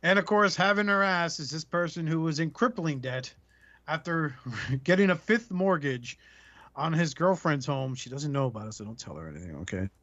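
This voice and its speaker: A man's voice: a little high, moderate pace, fairly bright tone, no room sound. A man hosting a podcast, chatting casually in a joking, profane, storytelling manner. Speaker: podcast host. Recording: muffled lo-fi audio.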